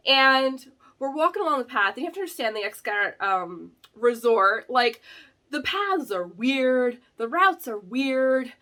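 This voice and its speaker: Woman, casual vlog storyteller, animated, laughs a lot, fairly high voice. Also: unhurried. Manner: animated, filler-heavy, laughs often. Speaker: vlog host.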